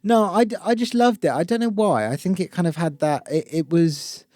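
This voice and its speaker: A man co-hosting a film podcast, his voice mellow and dark in tone. He rambles casually and lets his thoughts trail off into softer asides, recorded close and dry with no room around him. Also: high voice, normal speed, no echo. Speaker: podcast co-host. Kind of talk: casual film review chat.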